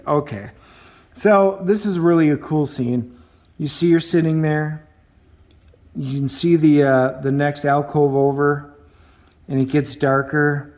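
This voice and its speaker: Middle-aged man, comic reviewer, casual and chatty, lots of ums, slightly high voice. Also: measured pace. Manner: chatty, with frequent ums, acting out quoted dialogue.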